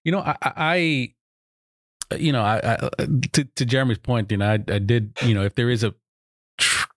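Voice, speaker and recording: A man in casual podcast chat, hesitant and halting, restarting his sentences often. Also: mid-range voice, a bit bright, no room sound, clean studio sound. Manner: hesitant, full of restarts and fillers. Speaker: podcast co-host.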